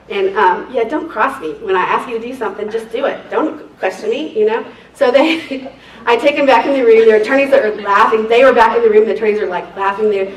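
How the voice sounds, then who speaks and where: A woman leads a seminar, chatting and laughing her way through stories from her work. Her voice sits a little high and carries a roomy echo. She sounds picked up from some distance, with faint noise behind. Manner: chatty, laughing, lively storyteller. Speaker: seminar instructor, court reporter. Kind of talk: casual storytelling lesson.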